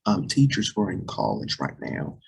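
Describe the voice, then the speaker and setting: A young man hosting a casual talk show, chatty and repetitive, speaking to viewers as "you guys", with a voice that cracks and drops deep. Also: huge pitch swings, moderate pace, creaky, slight background noise, poor audio. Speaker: host.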